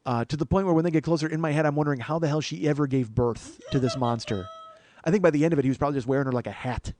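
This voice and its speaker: A man who is a comedian telling a story on his podcast, animated, profane and poking fun at himself. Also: fairly high pitch, racing. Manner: animated, profane, self-mocking. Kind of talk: comic storytelling.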